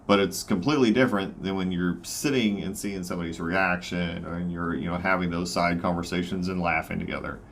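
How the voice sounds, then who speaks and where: A man with a Southern American accent, a guest in a casual chat, talking haltingly with many fillers. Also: low voice, fairly even intonation, gravelly, fairly bright tone, a little hiss or hum. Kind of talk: casual conversation.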